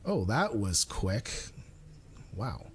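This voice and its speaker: A man's voice: fairly low pitch, sing-song, very slow, husky. A man live-streaming a game in casual chat, thinking aloud, mumbling asides and teasing himself. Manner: self-mocking and playful.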